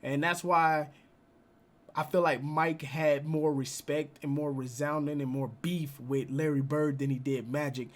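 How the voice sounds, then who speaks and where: A man's voice: on the high side, fairly even intonation, unhurried. A young man hosting a reaction video, talking casually with slang and arguing his points. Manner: casual, uses slang like "bro", argues points.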